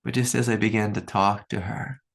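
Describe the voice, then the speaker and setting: A man's voice: on the low side, steady tone, brisk, creaky. A man in his fifties giving a reflective spiritual talk, telling personal stories earnestly with fillers along the way. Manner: earnest, storytelling, many fillers and laughs. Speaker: spiritual teacher.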